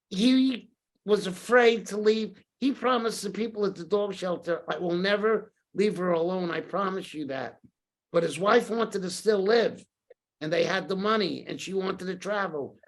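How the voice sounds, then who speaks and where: An older man telling his life story as a podcast guest, acting out the voices of the people he quotes. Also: high-pitched.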